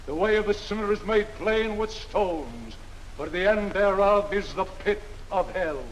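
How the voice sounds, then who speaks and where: A solemn street preacher. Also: male voice, sits high, lively intonation, slight background noise, poor audio. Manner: intoning, slow and solemn. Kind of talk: 1940s film acting.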